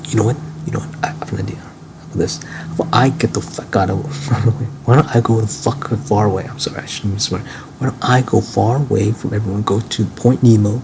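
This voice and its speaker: Rambling low-voiced man, gravelly. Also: steady tone, fairly quick. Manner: musing, rambling, with restarts and sudden swearing. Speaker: vlogger. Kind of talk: rambling personal monologue. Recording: noisy ambient recording.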